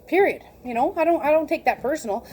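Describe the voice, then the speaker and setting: A woman in her late forties telling a personal story in a casual, animated way, laughing often and acting out the conversations she recounts. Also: sits high, fast, slight background noise. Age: 40s. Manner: animated, laughs often, acts out quoted exchanges. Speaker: vlogger.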